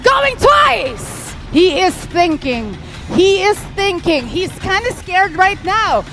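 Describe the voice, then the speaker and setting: A woman with a Filipino accent, hosting a live auction at an event, calling bids in an energetic, playful way. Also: very high-pitched, slow pace, over music. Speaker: auctioneer host. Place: live esports event venue.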